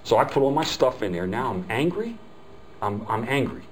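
A man's voice: mid-range voice, sing-song, normal speed, a little hiss or hum, rough recording. An older man giving a live customer service training talk, telling folksy stories and acting out the quoted dialogue. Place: hotel meeting room.

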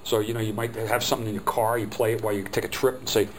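A man's voice: on the low side, level tone, rapid-fire, slight background noise, low-quality recording. A middle-aged man teaching a phone skills workshop, talking in a chatty, rambling way and acting out little quotes.

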